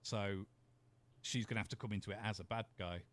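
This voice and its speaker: A man's voice: lowish voice, steady tone, brisk, no echo. A man co-hosting a podcast, chatting casually, rambling, swearing and laughing often. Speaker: podcast co-host. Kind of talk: casual chat.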